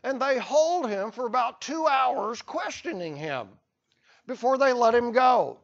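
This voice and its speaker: A man's voice: extremely high pitch, sing-song, a little slow, creaky, dull audio. A man teaching a history lesson to a class, telling the story with playful asides. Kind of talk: classroom lecture.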